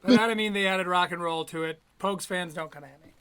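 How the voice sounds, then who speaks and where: A man's voice: high voice, quick pace, a bit bright, clean tone. A man hosting a live stream, reacting to podcast clips with profane, laughing, rambling commentary. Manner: profane, laughing often, loose rambling asides. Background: Irish-style rock music playing.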